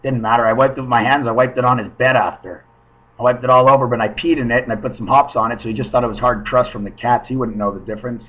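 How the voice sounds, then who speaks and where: A man rambling in a free-associating monologue at home, swinging between murmurs and loud outbursts. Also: mid-range voice, fairly even intonation, fast talker. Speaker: webcam vlogger. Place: at home, indoors. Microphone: webcam. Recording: muffled webcam audio.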